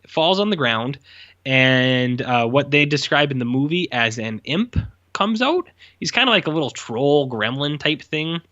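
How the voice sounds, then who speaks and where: Man, podcast co-host, casual rambling recap, bright forceful voice, dull lo-fi sound. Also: mid-range voice, lively intonation, moderate pace. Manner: rambling, loose, lots of fillers. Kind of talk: casual movie review chat.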